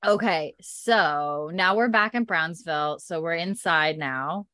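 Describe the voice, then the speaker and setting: A woman's voice: on the low side, no echo, studio quality. Woman animatedly retelling a story. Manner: animated retelling, acts out characters in quick voices. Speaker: podcast co-host recapping a TV episode. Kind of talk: casual chat.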